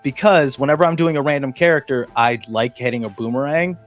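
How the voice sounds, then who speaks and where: A man's voice: medium pitch, a little fast, soft background music. A man hosting a casual chat, telling a long story with many restarts and fillers. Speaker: podcast host.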